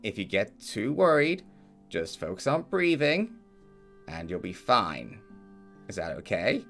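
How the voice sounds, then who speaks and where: A man voicing a grumpy old male gnome wizard, gruff and blunt. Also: on the low side, wildly swooping pitch, a little slow, a bit bright, faint music behind, voice pushed up, heavily acted. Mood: reassuring.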